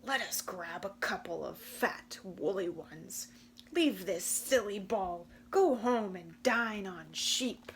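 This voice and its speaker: Big bad wolf, male, low growl, greedy and sly, put on by a woman reading a storybook. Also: expressive, slow, a little hiss or hum. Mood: scheming. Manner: growling, sometimes hushed and sly.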